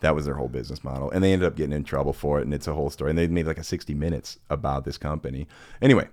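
A young man hosting a casual podcast, telling stories in a lively, joking way with frequent laughs. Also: extremely low pitch, very fast, no room sound. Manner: animated storyteller, laughs often, jokey asides. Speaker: podcast host. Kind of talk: casual chat.

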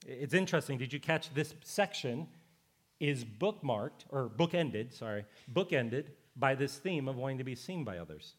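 A man's voice: mid-range voice, lively intonation, moderate pace, breathy edge. A middle-aged male pastor preaching a sermon, conversational and emphatic, with repeated phrases for stress.

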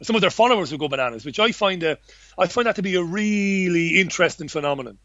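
An animated, fast-talking man with a high, somewhat bright voice appears as a guest in a relaxed interview about journalism. His answers ramble bluntly with lots of restarts and an occasional curse, captured in a dull, lo-fi, dry recording.

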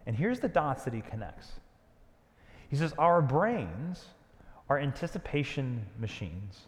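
A man preaching a sermon, dramatic and conversational, dropping to a hush on key lines. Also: mid-range voice, sing-song, a little slow, big-room sound. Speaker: pastor.

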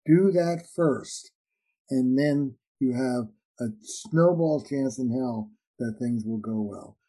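Mellow-voiced man explaining relationship ideas. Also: medium pitch, poor audio. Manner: animated, acts out little dialogues with shifting voices. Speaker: relationship therapist and author. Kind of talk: conversational interview answers.

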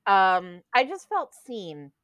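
A young adult woman, a guest actor, chatting casually and telling lively stories about her acting training. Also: medium pitch, slow, highs cut off. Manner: animated storyteller, imitates teachers. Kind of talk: casual chat.

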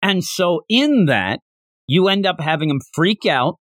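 A man with a raised, very lively voice walks through a manga chapter on a podcast and slips into the characters' lines while he talks. The sound is close and dry. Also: sits high, unhurried, dry recording. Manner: animated, acts out characters' lines while recapping. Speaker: podcast co-host. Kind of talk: casual manga discussion.

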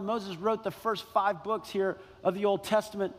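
A man's voice: sits high, steady tone, moderate pace, few pauses. A man preaching a sermon as pastor, emphatic, repeating key phrases and questioning the congregation. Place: church sanctuary. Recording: long reverb in a large hall.

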